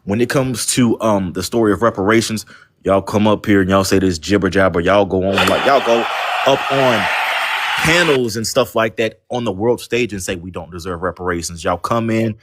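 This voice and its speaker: A man's voice: fairly low pitch, moderate pace, very noisy. A man from North Carolina, arguing bluntly and mockingly as a guest on a live online panel debate. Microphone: online call, at work.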